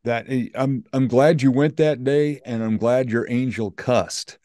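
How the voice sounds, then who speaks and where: A man's voice: medium pitch, unhurried, warm tone, dry recording. A man hosting a podcast who talks in an earnest, heartfelt, casual way. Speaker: podcast host. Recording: dry, close studio mic.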